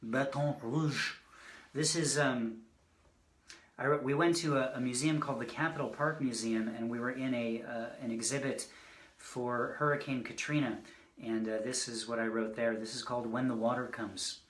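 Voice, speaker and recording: A man's voice: mid-range voice, steady tone, moderate pace, fairly bright tone, echoey room. A man giving a casual poetry reading, rambling and joking between poems. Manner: rambling, self-deprecating asides between poems. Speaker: poet reading his work. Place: indoors, online reading.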